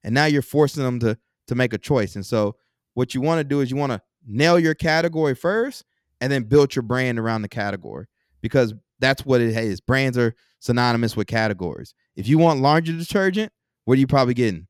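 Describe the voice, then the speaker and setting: A man's voice: medium pitch, expressive, brisk, clear, resonant tone, no echo, clean studio sound. A man from Texas, a podcast guest explaining business ideas with examples and rhetorical questions in a casual interview.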